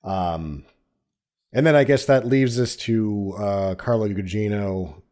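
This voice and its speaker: A man's voice: fairly low pitch, slow pace, mellow. A man co-hosting a movie review podcast, giving easygoing, offhand opinions in casual chat with fillers. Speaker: podcast co-host.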